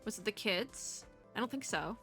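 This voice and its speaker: A young woman VTuber playing a story game, chatty and giggly, reading the dialogue aloud between her own excited asides. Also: medium pitch, normal speed, faint music behind.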